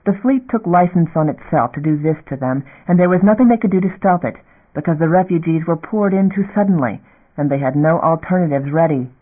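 Guy reading a sci-fi book aloud, kinda high voice, tinny phone-line audio. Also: fairly quick. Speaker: audiobook narrator. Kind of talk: scripted narration.

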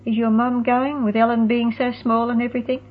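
A woman voicing an eager, bubbly teenage girl who talks in an excited rush. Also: on the high side, a little fast, voice pushed up, lightly acted. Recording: tinny phone-like sound.

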